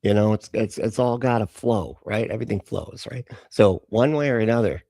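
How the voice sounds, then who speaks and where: A man hosting a casual live stream, greeting viewers by name and laughing between comments. His voice is gravelly and mellow, with lively swings in pitch. The sound is dry and close. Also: moderate pace, no room sound. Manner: chatty, greets chat viewers, laughs often. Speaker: livestream host reacting to videos.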